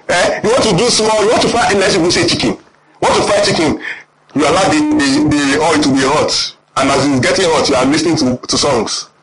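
Nigerian-accented male preacher, fairly high, swooping delivery; keeps checking the flock follows. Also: poor audio. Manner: animated, quizzing the congregation. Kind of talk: sermon.

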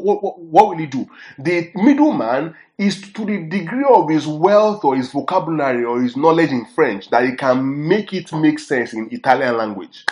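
A man's voice: fairly high pitch, a little mellow. A man teaching a sermon, emphatic and often checking that his listeners follow. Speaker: preacher. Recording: echoey room.

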